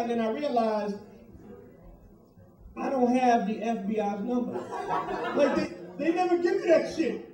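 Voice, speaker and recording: A man doing a stand-up comedy set in a club, profane and animated, talking with the crowd. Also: extremely high pitch, normal speed, pauses often. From Puerto Rico heritage, New York. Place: comedy club, live audience. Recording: echoey club from far off.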